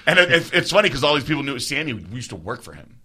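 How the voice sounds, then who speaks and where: Man, animated storyteller, bright edgy tone, casual profane chat, does quick voices of others. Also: medium pitch, breathy edge. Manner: animated storyteller, swears freely, mimics others. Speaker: podcast co-host.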